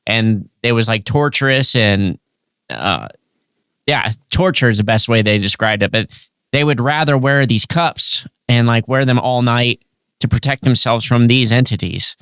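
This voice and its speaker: Halting man full of fillers. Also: mid-range voice, fairly bright tone, smooth, no echo, clean studio sound. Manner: halting, many fillers and restarts. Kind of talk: casual chat.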